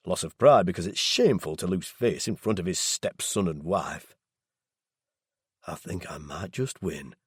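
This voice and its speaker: Deep, husky male audiobook narrator. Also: no echo, studio quality. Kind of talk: first-person audiobook narration.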